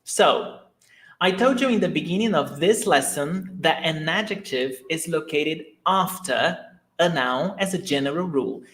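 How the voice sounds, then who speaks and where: A man teaches a live online lesson at an unhurried pace. He explains patiently and answers viewers' questions as they come in. His voice carries a roomy echo. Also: a little high, fairly bright tone. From Brazil. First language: Portuguese. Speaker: Portuguese teacher.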